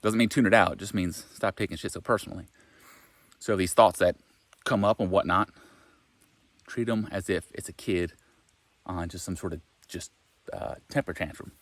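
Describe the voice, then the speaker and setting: Low-voiced man, frank and rambling. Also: no echo. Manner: frank and rambling, with frequent swearing. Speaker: self-help vlogger. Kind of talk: casual spoken monologue.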